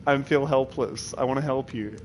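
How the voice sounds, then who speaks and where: A man talks casually at his computer, chatting live with his viewers and breaking into laughter often. His voice sits at an ordinary middle pitch. A faint background noise runs under the speech. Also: moderate pace. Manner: rambling, laughs often, lots of fillers. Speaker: live streamer.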